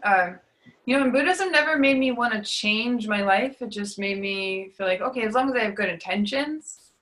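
A young woman giving an emotional personal testimony in an interview, confessional and full of fillers, her voice sinking to a hush on the painful parts. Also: mid-range voice, moderate pace, rough recording. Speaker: guest sharing testimony.

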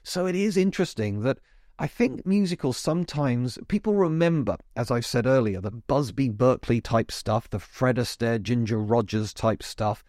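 A man's voice: mid-range voice, expressive, moderate pace, darkish tone, no room sound, clean studio sound. A man hosting a podcast, talking casually and emphatically about musicals with chatty asides. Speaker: podcast host. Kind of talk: casual chat monologue.

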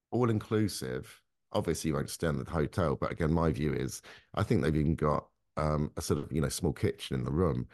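A man's voice: rumbling low, a little mellow, no echo, studio quality. A young man, co-hosting a casual podcast and rambling about expenses in a grumbling way. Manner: grumbling, rambling about costs, slow drawn-out asides. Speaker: podcast co-host. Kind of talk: casual banter.

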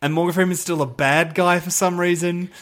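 A man, co-hosting a casual film discussion, animated and laughing as he recounts a movie's plot. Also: high voice, a little fast. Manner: animated, laughing, reads plot synopsis aloud. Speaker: podcast co-host.

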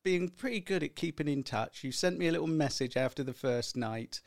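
A man with a fairly high voice hosts a casual podcast chat, teasing and prodding with questions. His voice sounds dry and close. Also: expressive, brisk, vocal fry, darkish tone, no echo. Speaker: podcast host.

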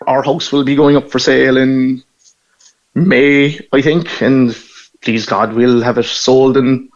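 A man from Cork with a clear Cork accent talks casually as a guest, telling stories with a self-deprecating humour. The audio is a little muffled and lo-fi. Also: medium pitch, steady tone, slow. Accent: Cork Irish. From Ireland. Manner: chatty, anecdotal, self-deprecating. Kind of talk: casual interview.

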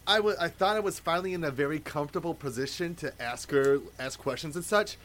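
A man's voice: fairly high pitch, fast, a bit bright. A man in casual podcast chat, hesitant with many fillers. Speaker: podcast co-host.

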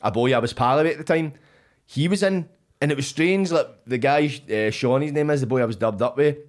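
A man's voice: mid-range voice, brisk. A Scottish man telling stories as a podcast guest in casual chat, animatedly acting out his own past lines and swearing freely.

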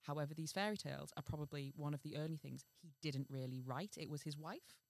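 A woman's voice: deep voice, fast, creaky, darkish tone, no room sound. A woman co-hosting a comedy podcast, chatting and laughing as she reads a fairy tale aloud. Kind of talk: casual chat and storybook reading.

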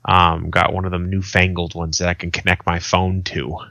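A man's voice: deep voice, monotone, normal speed, vocal fry, sharp tone, no echo. A man in his thirties, a podcast co-host telling stories in casual chat, swearing freely and acting out quotes. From Arizona, USA. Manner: swearing, storytelling with acted quotes.

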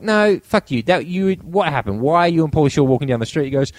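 A man's voice: fairly high pitch, fast talker, hardly any pauses, no echo. An Australian man co-hosting a podcast, telling anecdotes in casual chat, laughing often and acting out his friends' lines. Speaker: podcast co-host.

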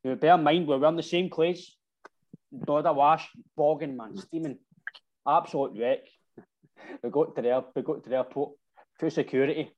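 A football supporter from Scotland tells a rambling story about a football trip, using slangy casual chat and tagging "right?" onto his lines. His voice sits a little higher than most men's, at normal speed and a little mellow, with lo-fi sound.

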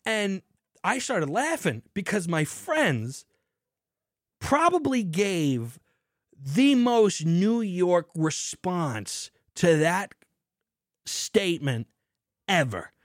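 A man hosting a casual show, telling a story in an animated way with lots of swearing, then talking about beer hops. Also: high-pitched, extremely slow, long pauses, dry recording, clean studio sound. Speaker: podcast host.

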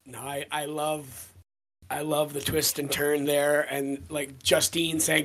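A woman's voice: low voice, flat delivery, slow pace, a bit bright. Enthusiastic woman co-hosting a book podcast. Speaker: podcast co-host. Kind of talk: casual book discussion.

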